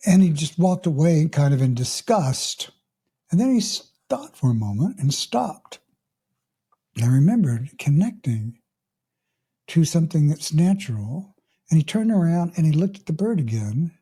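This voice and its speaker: A middle-aged man, a mindfulness coach hosting a podcast, telling a story in a calm, unhurried way and often clearing his throat. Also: on the high side. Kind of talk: reflective podcast monologue with a story.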